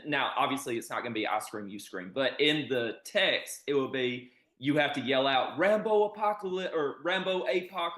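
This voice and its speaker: Enthusiastic man, mid-pitched, casual stream guest, roomy echo. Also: sharp tone. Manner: enthusiastic, laughs often. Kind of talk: casual chat.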